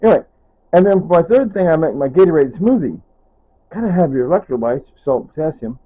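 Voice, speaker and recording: A man's voice: a little high, animated, brisk. A man talking casually to camera in his home kitchen, rambling and wandering off topic, often trailing off with "anyway" and "whatever.". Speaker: vlogger. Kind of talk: casual kitchen vlog narration. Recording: tinny phone-like sound.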